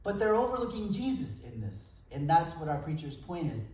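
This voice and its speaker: A man preaching a sermon as pastor, folksy and animated, acting out the quotes he tells. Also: fairly high pitch, fairly quick. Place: church service in a gym. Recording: echoey room from far off.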